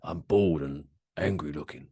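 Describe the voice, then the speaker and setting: A man putting on the voice of a grumpy, swearing male footballer with a gravelly growl. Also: extremely low pitch, a little slow, warm tone, no room sound, studio quality, voice pushed down, heavily acted. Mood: irritated.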